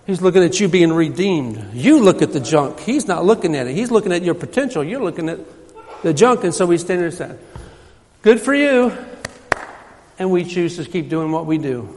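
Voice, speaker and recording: A man's voice: sits high, big pitch swings, normal speed, a little mellow. A man preaching a sermon in a church, emphatic and repetitive, his voice rising when he quotes scripture. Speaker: pastor. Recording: hall reverb.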